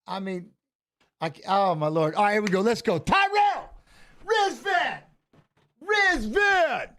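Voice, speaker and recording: A middle-aged man with a fairly high voice chats loosely over a live fight stream. He laughs a lot and trips over his words, then switches to quick, excited coaching calls like a corner man. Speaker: watch-along host, former fighter. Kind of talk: casual live watch-along chat and fight commentary.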